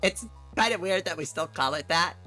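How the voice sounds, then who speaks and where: A woman's voice: on the low side, expressive, normal speed, bright, forceful tone, faint music behind. A middle-aged woman from New England chatting casually on a livestream from her room, rambling and laughing often. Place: home room.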